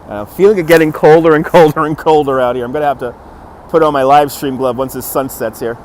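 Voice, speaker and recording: A man with a slightly high voice hosts a live walking stream on a city waterfront street. He is upbeat, chuckles often and greets viewers one by one. It is recorded on a handheld phone, with faint traffic behind him. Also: steady tone, fast talker, darkish tone. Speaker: livestream host. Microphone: phone on a handheld gimbal.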